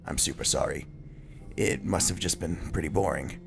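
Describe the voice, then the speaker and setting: A man reading game dialogue aloud as an eerie, self-aware teenage girl who is the club president, in a soft, low, creepy voice. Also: normal speed, creaky. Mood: sweetly apologetic.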